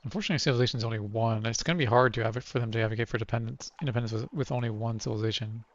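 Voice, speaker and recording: A man's voice: mid-range voice, rapid-fire, lo-fi sound. A man doing casual let's play commentary, thinking aloud over his choices and reading game text aloud.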